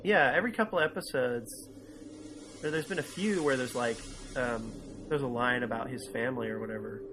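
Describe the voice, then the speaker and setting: A man's voice: mid-range voice, fairly quick, noisy background. A man co-hosting a casual review podcast, enthusiastically retelling scenes and quoting lines, often laughing. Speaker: podcast co-host.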